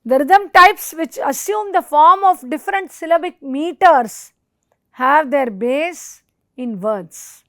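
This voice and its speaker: A woman from India delivers a recorded lecture at a slow, careful pace. Her voice sits high, and she recites Sanskrit verses and lists technical terms deliberately. The sound is dry and close. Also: animated, no room sound. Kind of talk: educational lecture.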